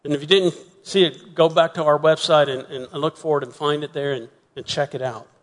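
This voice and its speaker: A man's voice: fairly high pitch, fairly even intonation. Earnest man preaching in a reverberant hall. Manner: earnest, repeats words, drops to soft emphatic pauses. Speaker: pastor. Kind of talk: sermon. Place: church sanctuary.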